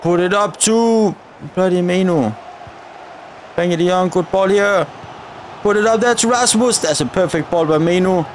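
A man with a high-pitched voice talks through a football video game match in a chatty, running commentary. He keeps grumbling at the referee and his own players as he plays. A faint hum sits under the recording. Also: normal speed. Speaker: gaming video creator.

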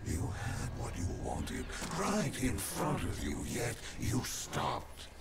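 An actor playing a menacing man in a game cutscene who taunts a soldier in a gravelly half-whisper. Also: medium pitch, wildly swooping pitch, takes it slowly, heavy background noise, exaggerated voice. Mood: taunting.

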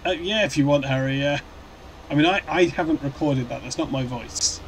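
A man chats on a live stream while he plays a truck game, rambling and good-humoured as he answers viewers and restarts his sentences. His voice sits a touch high for a man, and a faint hum runs behind him. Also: moderate pace, poor audio.

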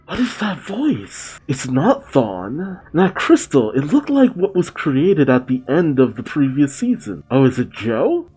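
A man giving casual live reaction commentary to a TV episode, exclaiming, sighing and thinking out loud. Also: mid-range voice, husky. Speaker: reaction video host.

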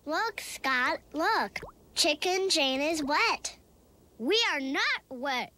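A woman voicing a cheerful narrator of a children's TV segment, reading slowly in a bright, sing-song storybook manner. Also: high-pitched, expressive, slight background noise, full character voice.

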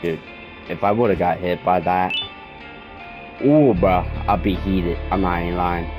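A man's voice: deep voice, flat delivery, moderate pace. A young man gaming in his bedroom, ranting in frustration and swearing constantly as he plays. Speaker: gamer. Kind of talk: let's play commentary. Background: game music.

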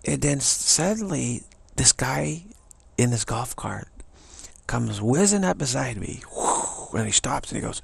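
Very gravelly, husky-voiced man telling a story. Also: mid-range voice, a little slow, dry recording. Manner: animated storyteller who repeats phrases and drops into whispered asides. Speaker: spiritual teacher. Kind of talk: casual storytelling talk.

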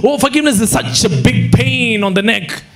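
A man preaching a sermon with an Indian English accent, animated, acting out quotes and breaking into sudden shouts. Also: very high-pitched, normal speed, slight background noise. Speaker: pastor. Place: church hall.

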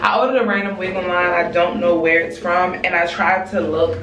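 A woman's voice: fairly low pitch, steady tone, fairly quick, a bit bright, echoey room, recorded from a distance, slight background noise. Chatty young woman with a stuffy nose. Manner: chatty, candid, self-mocking. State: stuffy nose, slightly hoarse. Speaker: beauty vlogger. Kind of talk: casual hair tutorial vlog.

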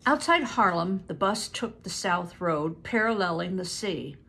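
An older woman reading a book aloud to family, pausing to explain words and stumbling over hard names. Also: on the low side, lively intonation, vocal fry, sharp tone, breathy edge. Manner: stops to explain words and events.

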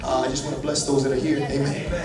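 A man preaching a live church sermon, joking with the congregation and swinging from quiet asides to shouted praise. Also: medium pitch, completely flat delivery, fast, recorded from a distance. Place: large church hall with congregation. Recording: echoey hall, crowd, from off-mic. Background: congregation responding.

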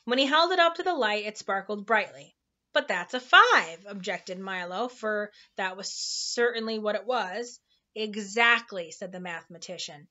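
A woman reading a children's novel aloud in a relaxed, informal way, tripping over hard words now and then. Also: medium pitch, normal speed, hardly any pauses, highs cut off. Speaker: storybook reader.

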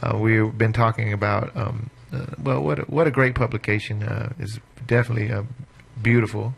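A man's voice: fairly low pitch, steady tone, brisk, creaky, slight background noise. A man from the East Coast of the US hosting a casual radio talk show, joking, laughing often and rambling with plenty of fillers.

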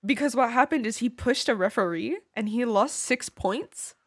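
Jokey high-voiced woman streamer. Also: moderate pace, husky, no echo, studio quality. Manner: jokey, swears a lot, laughs often, playfully dramatic. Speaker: game streamer. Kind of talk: casual livestream chat while gaming.

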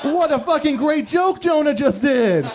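A man doing yappy excited pet dogs. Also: extremely high pitch, normal speed, slight background noise, voice pushed up. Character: excitable, foul-mouthed male pet dogs. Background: audience laughter.

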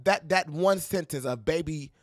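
A young adult man giving playful, sassy pop culture commentary to camera, dramatic and full of mock quotes and quick laughs. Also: high-pitched, sing-song, fairly bright tone, no echo. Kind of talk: animated casual commentary to camera.

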